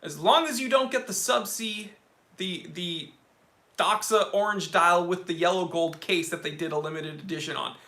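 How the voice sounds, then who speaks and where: Chatting casually on a watch channel live stream, a young host excitedly reads comments from his viewers. He has a high voice and a moderate pace.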